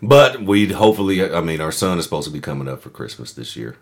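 Man podcast co-host, lively pitch, crude joker. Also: fast. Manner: joking, profane, addresses listeners. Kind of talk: casual podcast chat.

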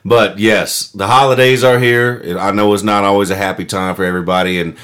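A man's voice: on the low side, steady tone, fairly quick, a bit bright. A man co-hosting a podcast in casual chat, joking and swearing as he talks to the listeners. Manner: joking, profane, addresses listeners. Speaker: podcast co-host.

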